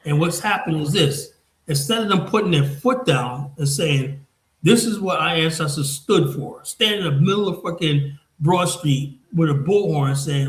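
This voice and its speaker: A man's voice: a little high, moderate pace, reverberant, low-quality recording. A man hosting a podcast, talking bluntly and profanely in a heated casual discussion. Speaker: podcast host.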